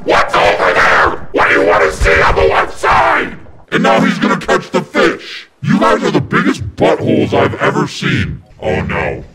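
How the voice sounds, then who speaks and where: A man yelling and cursing in frustration while playing video games, his voice run through a demonic filter. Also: low-pitched, wildly swooping pitch, normal speed, over loud music. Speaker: gamer. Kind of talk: rage-filled gameplay commentary.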